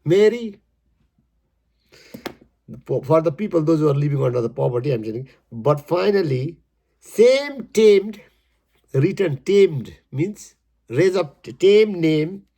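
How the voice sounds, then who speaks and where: A man explaining his poem in halting, emphatic English, repeating his words as he goes. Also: a little high, gravelly, mellow. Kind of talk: casual spoken explanation.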